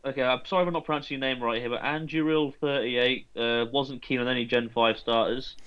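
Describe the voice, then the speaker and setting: A man co-hosting a game stream, relaxed, reading viewer comments aloud in casual chat. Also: mid-range voice, fairly quick, clear, resonant tone, lo-fi sound. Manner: laid-back, reads viewer comments aloud.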